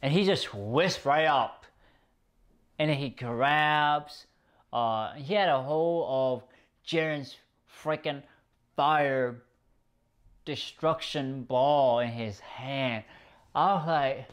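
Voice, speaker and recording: A man giving a casual, excitable episode review, swearing often and rambling through restarts. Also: mid-range voice, slow pace, pauses often, clean tone. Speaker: video reviewer.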